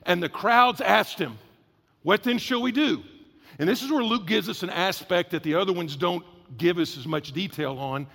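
A man's voice: sits high, moderate pace, vocal fry, few pauses, a bit bright, big-room sound. A man preaching a sermon as pastor, in a conversational, emphatic way, stretching out key words. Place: church.

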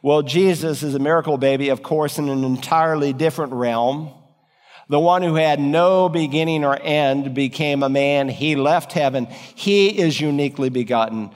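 A man's voice: fairly high pitch, normal speed. Man preaching in a reverberant hall. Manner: earnest preaching with sweeping shifts in pace and emphasis. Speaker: pastor. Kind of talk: sermon.

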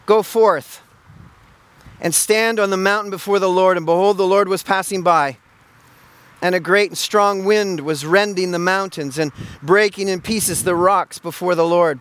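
A man's voice: high voice, fairly bright tone, clear, resonant tone. A male pastor preaching a sermon, asking emphatic rhetorical questions and often repeating words.

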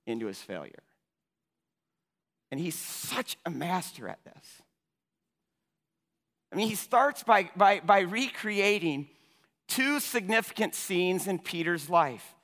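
A man preaching a sermon with passion, stumbling over repeated words as he starts phrases and swinging between loud and hushed. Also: a little high. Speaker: pastor. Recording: long hall reverb.

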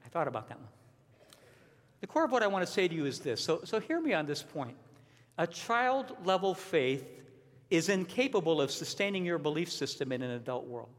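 A man preaching a sermon as a pastor, earnest and emphatic, repeating his key points. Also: a little high. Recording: long reverb of a large hall.

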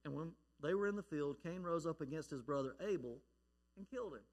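A man preaching a sermon in an emphatic delivery that swings between hushed, quiet lines and loud, forceful ones. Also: a little high, expressive, fairly quick, in a large hall. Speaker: pastor.

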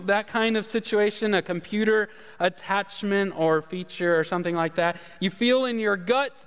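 A man with a high, smooth and resonant voice gives a sermon as a folksy, self-deprecating story. He fills it with fillers and "all right?" asides. His voice rings out with a long reverb, as in a large sanctuary. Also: unhurried, fairly bright tone. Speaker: pastor.

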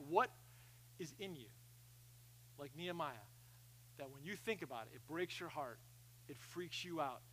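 A man preaching a sermon, animated, swinging from loud emphasis to quiet asides, often repeating phrases. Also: on the high side, low-quality recording. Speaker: pastor.

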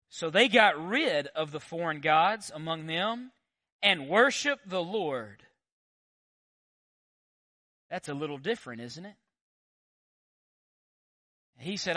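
A man preaching a sermon as pastor, animated and conversational, full of rhetorical questions. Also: on the high side, slow, long pauses, dry recording, studio quality.

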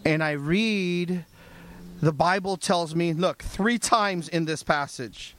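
High-voiced male pastor, animated sermon. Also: takes it slowly. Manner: animated, conversational storytelling.

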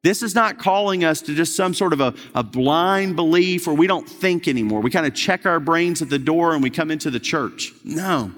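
Middle-aged male pastor, earnest conversational sermon, slightly raised pitch, reverberant sanctuary. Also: animated, moderate pace, hardly any pauses, fairly bright tone. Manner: earnest, conversational, with frequent restarts. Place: church sanctuary. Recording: long hall reverb.

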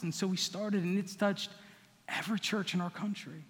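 A man's voice: high voice, steady tone, normal speed, fairly bright tone, breathy edge, big-room sound. A man preaching a sermon as pastor, conversational and teasing the congregation by name.

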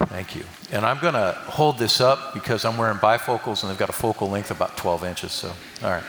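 A man's voice: on the low side, a little fast, hardly any pauses, a bit bright, slight background noise. An older man giving a folksy sermon with jokes and call-and-response with the congregation. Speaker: preacher. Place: church hall. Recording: echoey hall from a distance.

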